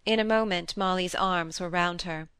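A woman's voice: lowish voice, moderate pace, a bit bright, clean tone, no echo. Woman reading a classic novel aloud. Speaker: audiobook reader. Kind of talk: scripted narration.

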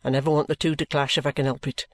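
A man voicing a genial, ingratiating middle-aged male detective who talks in a slow, coaxing, colloquial way. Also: a little high, little pitch movement, lightly acted. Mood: firm.

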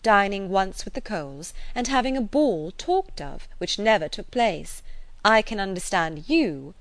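Lively teasing young lady, animated, read by a woman. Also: medium pitch, measured pace, dry recording.

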